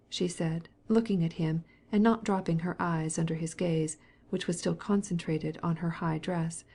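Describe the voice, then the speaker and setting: A woman narrating an audiobook of a classic novel in a calm, measured reading. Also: on the low side, vocal fry, husky.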